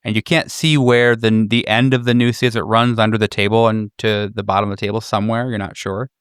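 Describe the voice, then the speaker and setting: A man narrating as game master of a tabletop horror game, describing scenes with frequent halting fillers. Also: on the low side, little pitch movement, smooth, no room sound, clean studio sound.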